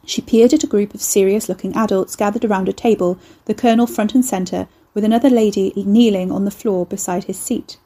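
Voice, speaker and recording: Woman, horror audiobook narrator, measured, intimate, mellow, breathy. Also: mid-range voice, steady tone. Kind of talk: scripted narration of a horror novel.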